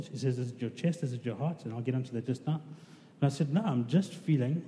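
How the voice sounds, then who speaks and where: A man's voice: mid-range voice, quick pace, warm tone. A man preaching a conversational sermon, asking his congregation questions. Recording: reverberant hall with faint noise.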